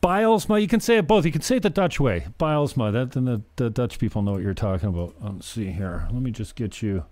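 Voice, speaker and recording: Stammering earnest man, dark voice. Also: medium pitch, lively intonation, a little fast, hardly any pauses, dry recording. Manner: stammering, repeats words, earnest. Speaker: podcast host. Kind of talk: casual chat.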